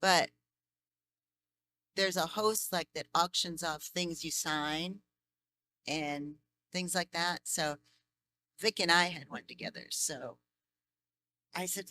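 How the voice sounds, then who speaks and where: A woman voice actress answering fan questions at a convention Q&A, chatty and animated, laughing often as she tells stories. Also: on the low side, slow pace, long pauses, a little hiss or hum. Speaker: voice actress guest.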